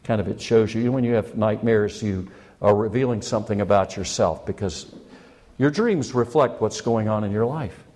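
A man's voice: lowish voice, normal speed, darkish tone. A man preaching a sermon as pastor, building up with rising questions and impassioned appeals.

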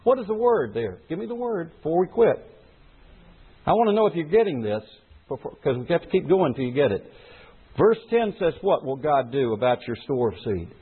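Male pastor, middle-aged, lively and animated preaching, tinny phone-like sound. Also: a little high, fairly quick, husky. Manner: preaching with rhetorical questions to the congregation. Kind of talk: sermon. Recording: phone-like lo-fi recording.

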